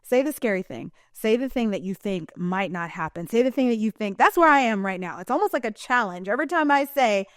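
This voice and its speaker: A woman's voice: mid-range voice, expressive, brisk, few pauses, no room sound. Chatty emphatic woman, dry close sound. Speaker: vlogger. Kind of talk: casual vlog monologue.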